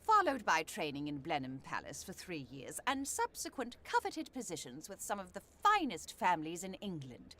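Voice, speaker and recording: A woman's voice: lowish voice, wildly swooping pitch, normal speed, hardly any pauses, pushed and bright, exaggerated voice. An actress voicing a prim, proud female housekeeper in a video game, speaking formally and precisely. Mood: haughty. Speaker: game character.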